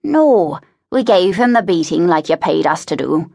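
A woman voicing a rough hired thug who speaks slowly and defensively. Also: lowish voice, big pitch swings, dark tone, heavily acted. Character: rough hired thug, defiant working man.

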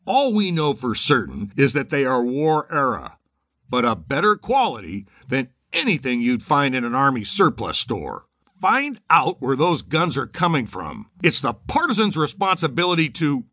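A narrator playing a bellowing newspaper publisher. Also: male voice, mid-range voice, wildly swooping pitch, normal speed, no echo, studio quality, voice pushed up, full character voice. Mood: commanding. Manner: bellowing, forceful rant. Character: gruff male newspaper publisher, blustering and angry.

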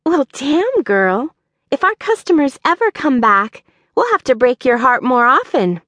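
A woman narrator voicing a brash, teasing young woman friend in a much higher, playful voice. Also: sing-song, unhurried, fairly bright tone, no echo, heavily acted. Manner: playful, mocking.

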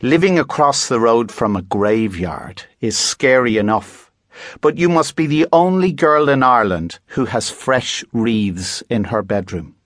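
A man's voice: mid-range voice, lively intonation, a little slow, fairly bright tone, no echo, studio quality. A man reading aloud voices a skeptical young schoolgirl who is nervous and sarcastic. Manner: sarcastic, incredulous.

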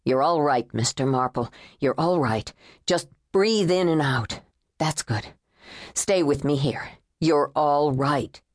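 A woman reading an audiobook voices a steady male agent who talks a shaken man down with soothing words. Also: a bass voice, moderate pace, dry recording, pitched below the performer's own voice. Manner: soothing, even and dry-humored. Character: calm male federal agent, steady and reassuring. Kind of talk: audiobook character voice.

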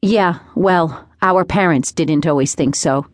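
Woman reading earnest big brother guy, low voice, dry close sound. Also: takes it slowly, no room sound. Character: earnest young adult man, older brother. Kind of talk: audiobook character voice.

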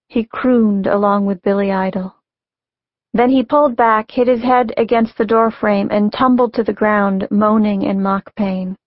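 A woman narrating her own memoir as a scripted audiobook, in a measured, reflective reading. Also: mid-range voice, fairly even intonation, no room sound. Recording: dry, dull lo-fi audiobook recording.

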